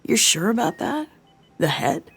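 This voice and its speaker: A woman's voice: fairly high pitch, sing-song, a little slow, fairly bright tone, breathy edge, faint music behind, voice pushed up, heavily acted. A woman voicing a composed man giving urgent, clipped orders. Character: urgent, composed male agent.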